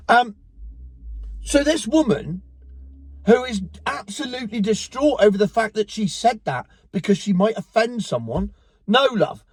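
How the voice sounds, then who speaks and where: A Cornish man rants to camera, sarcastic and liberal with swearing. His voice sits fairly high for a man and the sound is dry and close. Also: a little mellow, dry recording. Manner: ranting, profane, sarcastic. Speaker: vlogger. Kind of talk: angry opinion rant to camera.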